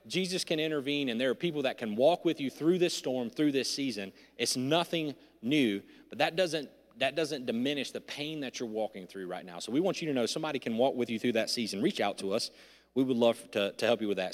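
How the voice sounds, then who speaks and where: A man preaching a sermon in a church, swinging between loud emphasis and hushed, intimate lines. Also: mid-range voice, a little fast. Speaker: pastor. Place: church sanctuary. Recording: long hall reverb.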